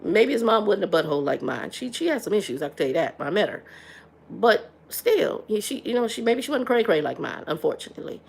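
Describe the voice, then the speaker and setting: Blunt, gravelly middle-aged woman. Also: mid-range voice, very animated, fairly quick. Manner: frank and blunt, stumbles and repeats words. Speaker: livestream host. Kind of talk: casual livestream chat.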